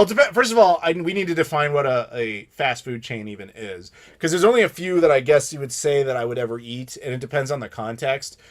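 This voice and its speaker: American guy in his 30s on a live stream q&a, opinionated, rants and swears casually. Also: medium pitch. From United States. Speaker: channel host answering live questions.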